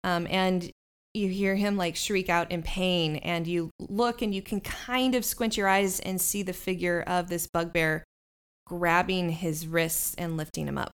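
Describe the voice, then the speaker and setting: A woman's voice: lowish voice, fairly even intonation, unhurried, clear, resonant tone. A woman narrating a tabletop game as game master, describing scenes unhurriedly with fillers.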